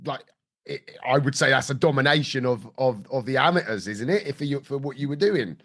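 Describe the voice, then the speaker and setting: A man's voice: mid-range voice, fairly quick, fairly bright tone. A man hosting a podcast, asking a guest follow-up questions and reacting briefly. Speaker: podcast host. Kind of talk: casual interview.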